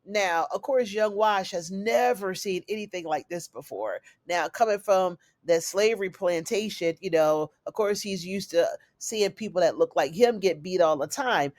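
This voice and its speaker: A woman's voice: fairly low pitch, animated, moderate pace, hardly any pauses, a little mellow, no room sound. Chatty woman recapping a TV episode, dry sound. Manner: chatty, addresses viewers as y'all and honey. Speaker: TV recap reviewer.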